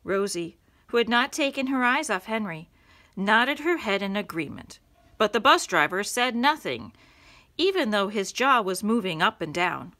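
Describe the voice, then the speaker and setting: A woman reading a children's storybook aloud to young listeners, in an expressive storytelling manner. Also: medium pitch, normal speed.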